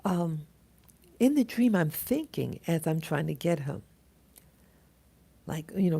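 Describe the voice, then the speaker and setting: A woman telling a dream in a casual, halting monologue, full of restarts and fillers as she greets viewers of her live stream. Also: sits low, very animated, creaky, dark tone, breathy edge. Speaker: vlogger recounting a dream.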